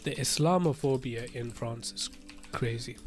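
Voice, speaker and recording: A young man co-hosting a podcast in a loose, slangy chat, full of fillers and quick laughs. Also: mid-range voice. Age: young adult. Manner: slangy and animated, laughing often, lots of fillers. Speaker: podcast co-host. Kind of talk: casual chat.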